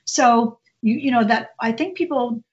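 A woman author and former reporter talking about writing in a casual interview, in an animated, chatty way with many restarts. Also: a little high, measured pace, lo-fi sound.

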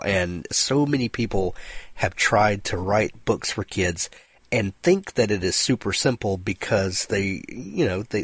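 A man with a low voice interviews an author, feeling his way through questions with restarts. His tone is slightly husky and sits close and dry. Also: dry recording. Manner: halting, many restarts and fillers. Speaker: podcast host. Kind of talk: interview conversation.

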